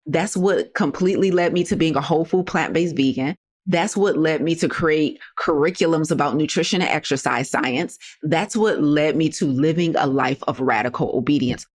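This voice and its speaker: A woman hosting a motivational health podcast, talking to listeners in a sassy, direct, preachy way. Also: sits low. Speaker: podcast host and health coach. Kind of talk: motivational solo podcast talk.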